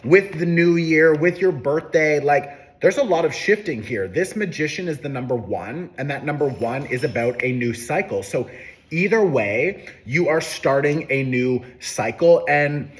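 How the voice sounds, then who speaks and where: A man's voice: on the high side, a little slow. A man giving a casual, upbeat horoscope and tarot reading, talking loosely with plenty of fillers. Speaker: tarot reader.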